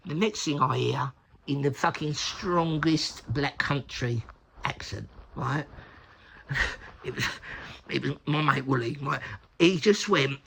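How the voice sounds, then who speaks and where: A man with a gravelly, husky voice tells a personal story in a loose, rambling way. He swears freely and laughs between phrases. His pitch jumps up and down a lot as he talks. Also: expressive, unhurried, bright, forceful tone. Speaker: recovery storyteller. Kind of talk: casual spoken storytelling.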